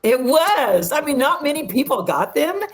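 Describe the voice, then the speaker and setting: A woman's voice: high-pitched, big pitch swings, normal speed. A middle-aged woman co-hosting a film review show, chatting and telling long anecdotes with enthusiasm. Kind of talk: casual chat.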